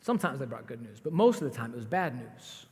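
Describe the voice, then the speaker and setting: A man preaching a sermon as pastor, telling the story in a conversational, animated way with asides to the congregation. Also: mid-range voice, quick pace. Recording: long hall reverb.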